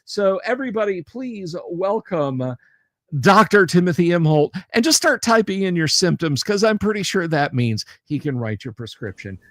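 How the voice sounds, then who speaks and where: A man's voice: sits high, lively intonation, normal speed, a bit bright, no room sound. Middle-aged man, livestream host, casual rambling chat, jokey, fillers and restarts, dry close sound.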